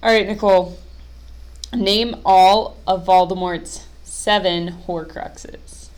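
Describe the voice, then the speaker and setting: A woman putting trivia questions to friends in a casual chat. She speaks slowly and keeps her remarks brief and measured. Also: mid-range voice, steady tone.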